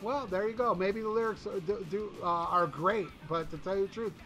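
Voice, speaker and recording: High, bright-voiced man ranting profanely. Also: brisk, faint music behind. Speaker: podcast co-host reviewing an album. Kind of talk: casual chat.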